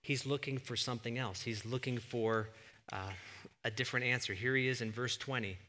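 A male pastor preaching a sermon in a church, an animated storyteller who surges into emphatic, near-shouted points. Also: mid-range voice, fairly quick. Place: church sanctuary. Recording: long reverb of a church hall.

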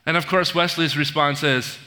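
A man's voice: a little high, steady tone, moderate pace, background noise. A man preaching a conversational sermon, telling a story with asides and questions to the congregation. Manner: storytelling, retells film scenes with asides and audience questions. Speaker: pastor. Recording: long hall reverb.

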